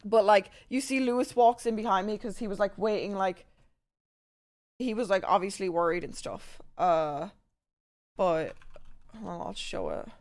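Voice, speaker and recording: A young woman streaming to her chat, rambling through a story with heavy swearing and animated retelling. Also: mid-range voice, normal speed, long pauses.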